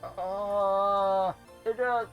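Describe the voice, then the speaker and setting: A man's voice: high-pitched, fairly even intonation, drawn-out words, a bit bright. Male gaming vlogger, casual rambling rant, blunt, faint music underneath. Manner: rambling, full of filler words and restarts; blunt, swears when exasperated. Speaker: gaming channel host. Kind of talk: casual rant about a game's story.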